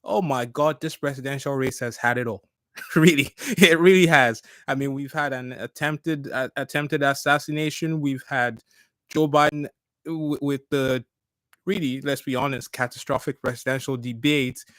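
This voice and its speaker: Excitable man hosting a podcast, dry sound. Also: medium pitch, moderate pace, no echo. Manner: excitable, laughs often, stumbles and repeats words. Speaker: podcast host. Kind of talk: casual political commentary. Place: at home.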